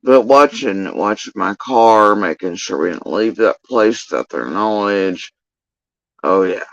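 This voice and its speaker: A man's voice: on the low side, animated, unhurried, gravelly, no echo, lo-fi sound. A man telling a long story in a casual commentary rant, profane, rambling and exasperated.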